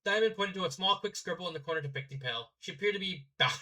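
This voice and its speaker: Young guy reading fanfic out loud, bright voice, trips over words and adds little comments. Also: sits high, low-quality recording. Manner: stumbles and self-corrects, chatty asides. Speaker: fanfiction reader. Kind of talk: casual fanfiction reading with asides.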